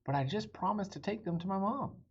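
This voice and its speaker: Guy doing a squeaky earnest little girl, literal-minded and cheery, dull lo-fi sound. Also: expressive, brisk, husky, exaggerated voice. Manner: bright, earnest, high squeaky delivery.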